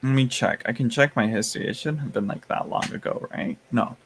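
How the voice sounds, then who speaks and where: Man, livestream host, casual chat, laughs often, reads chat aloud, mid-pitched voice. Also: a little fast, a little hiss or hum.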